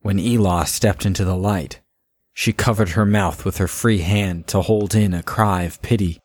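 A male narrator reads a fantasy story at a measured, even pace. His voice is very deep. The recording is dry and close. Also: no room sound. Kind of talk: scripted audiobook narration.

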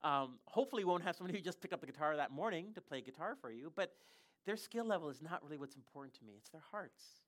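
A pastor preaching a sermon, telling stories in an animated way and often restarting sentences. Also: medium pitch, quick pace. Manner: animated storytelling with frequent self-restarts.

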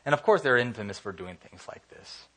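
A man's voice: medium pitch, animated, fairly quick, pushed and bright, slight background noise. Casual, chatty man preaching a sermon. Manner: conversational, acts out quoted voices, many fillers.

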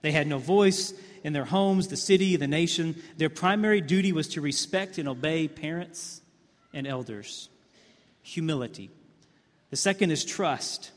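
A male pastor preaching a sermon, telling the scene like a story, with many repeated words and swings from hushed to emphatic. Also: on the high side, normal speed. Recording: long hall reverb.

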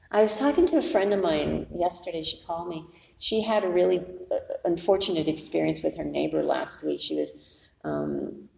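A woman leads a meditation group through a dharma talk, her voice low with a gravelly edge. She speaks plainly and conversationally, dropping in candid asides. The sound carries the echo of a meditation hall. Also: a little mellow. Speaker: meditation teacher.

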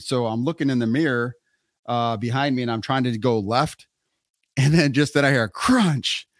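On a podcast, a middle-aged man with a medium-pitched voice casually tells a story, animatedly acting out what people said. The recording is dry, with clean studio sound.

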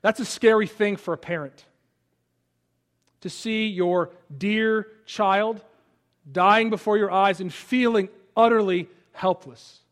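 A man in his thirties preaching a sermon, dropping to a hushed voice in personal stories and rising to loud peaks. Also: sits high, steady tone, takes it slowly. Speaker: pastor.

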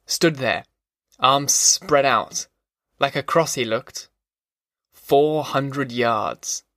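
A rueful old frontier soldier, as an audiobook narrator puts him on, drawling slowly through a sad memory. The voice sits at an ordinary middle pitch and sounds dry and close. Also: male voice, fairly bright tone, no echo. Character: old male frontier army veteran, rueful storyteller.

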